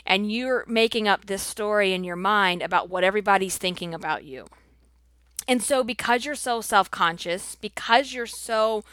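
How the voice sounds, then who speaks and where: Here a woman with a mid-range, fairly bright voice chats directly to her audience on her own show, personal and emphatic, sprinkling in plenty of "like" and "you know." There's no echo.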